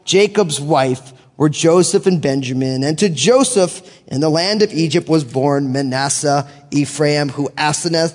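A man's voice: on the high side, darkish tone. An American man teaching verse by verse from the Bible, reading long name lists and joking casually between passages. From United States. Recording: long hall reverb.

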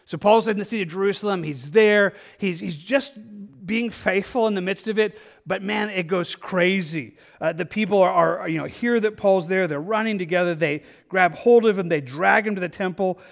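High-voiced male pastor preaching. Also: moderate pace, gravelly, hardly any pauses. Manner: conversational, with fillers and repeated words. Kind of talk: sermon.

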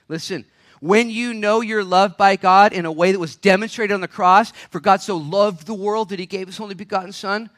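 High-voiced impassioned preacher man. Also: fairly even intonation. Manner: impassioned, swinging from hushed to shouting; rapid-fire rhetorical questions. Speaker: pastor. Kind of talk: sermon. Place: church service.

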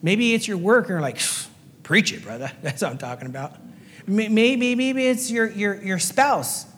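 Brief: male preacher and chaplain, high-pitched, earnest repeating delivery, recorded in an echoing church hall. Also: normal speed, a little hiss or hum. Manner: earnest, repetitive, acts out little voices for illustration. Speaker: pastor and fire chaplain. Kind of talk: sermon. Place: church sanctuary. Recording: long hall reverb.

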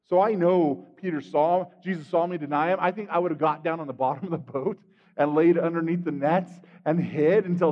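Male preacher, high voice, animated, swings loud to soft, long hall reverb, muffled sound. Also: fairly quick. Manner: animated storytelling, acting out scenes, swings from loud to hushed. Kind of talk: sermon.

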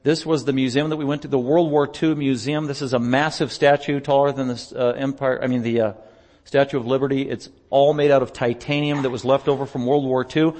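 Man, pastor, chatty storytelling, mid-pitched voice, long hall reverb. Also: a little fast. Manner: chatty, animated storytelling with laughter. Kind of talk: slideshow report in a church service.

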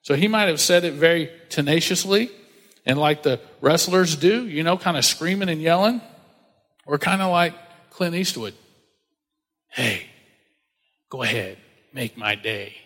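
A man preaching a casual sermon, telling the story with animated asides and acted-out voices. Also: on the high side, moderate pace. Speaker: pastor. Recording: long hall reverb.

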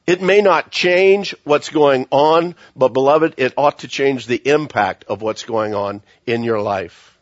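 A man preaching a sermon as pastor, earnest and repetitive, often dropping his voice to a hush for emphasis. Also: mid-range voice, a little slow, few pauses, no echo. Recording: dull, lo-fi sound.

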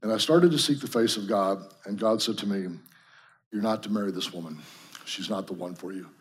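Husky low-voiced male preacher. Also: fairly quick. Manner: storytelling, earnest. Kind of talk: sermon to a group.

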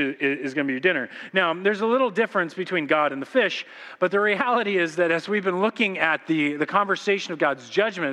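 Male pastor, fairly high pitch, animated and joking sermon delivery, church sanctuary echo. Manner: animated storytelling, informal and joking. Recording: long church hall reverb.

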